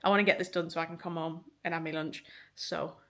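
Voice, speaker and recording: A woman's voice: deep voice, steady tone, fast, fairly bright tone. A young woman with a faint Northern English accent, chatting casually through her day in a home vlog, swearing freely and laughing often. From Liverpool, England. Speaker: vlogger. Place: home kitchen and flat, indoors. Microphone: handheld phone or camera.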